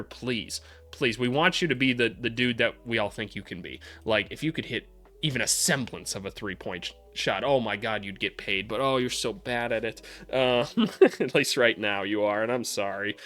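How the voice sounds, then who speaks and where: A man hosts a casual basketball commentary vlog, talking loosely and joking with his viewers. His tone is bright and forward, and he curses now and then as he rambles. Soft music plays faintly underneath. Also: medium pitch. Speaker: basketball channel host, former college coach.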